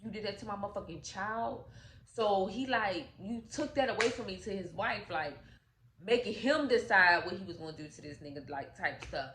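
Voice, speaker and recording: A woman telling a movie's story in a casual, animated, profane way, acting out the characters' lines. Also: mid-range voice, moderate pace. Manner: animated, profane, acts out quotes. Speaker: storytime vlogger. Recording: echoey room with faint noise.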